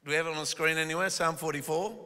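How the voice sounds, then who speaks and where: A man preaches from the front of a church, his high, piercing voice cutting through a long, ringing hall reverb. He jokes with people he calls up, then leans into scripture with forceful, emphatic punches on key words. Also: fairly even intonation, very fast, smooth. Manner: calls the congregation up and has them repeat words. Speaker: guest pastor. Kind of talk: energetic sermon. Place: church auditorium.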